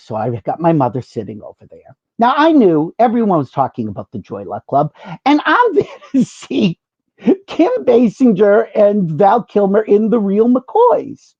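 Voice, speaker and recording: A male host telling a long anecdote in a chatty, self-mocking, animated way, in a slightly dull recording. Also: sits high, normal speed, slightly rough, no room sound. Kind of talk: casual anecdote storytelling. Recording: dull muffled sound.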